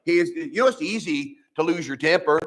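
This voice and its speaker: A man's voice: fairly high pitch, lively intonation, fairly quick, a bit bright. An older man preaching a midweek sermon in church, earnest and folksy, often restarting his sentences and quoting scripture. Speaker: pastor. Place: church sanctuary.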